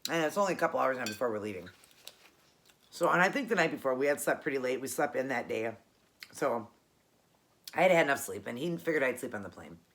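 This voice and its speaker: A woman with a low, deep-set voice tells a long personal story in casual vlog fashion. She rambles and doubles back to correct herself, chatting easily as she hosts her own channel. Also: lively intonation, fast, pauses often. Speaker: cooking channel host.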